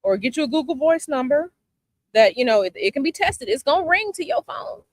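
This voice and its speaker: A woman's voice: sits high, very animated, fairly quick, dry recording. A woman from Chicago hosting a casual chat with her viewers outdoors, sassy and emphatic, repeating her advice. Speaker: tarot channel host. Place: outdoors by a palm tree, planes overhead.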